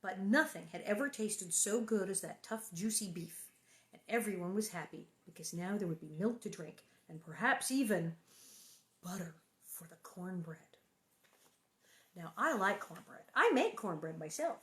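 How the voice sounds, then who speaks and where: A woman's voice: medium pitch, expressive, moderate pace. Chatty woman reading a storybook aloud. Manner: chatty, playful, reacts to viewer comments. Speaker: reader hosting a book reading stream. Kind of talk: reading a children's novel aloud with chatty asides.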